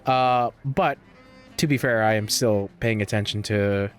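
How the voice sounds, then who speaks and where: A man's voice: on the low side, measured pace, faint music behind. A man giving casual commentary while he plays a video game. He sounds sleepy and rambles, with lots of fillers, restarts and swearing. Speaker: gamer playing and commenting.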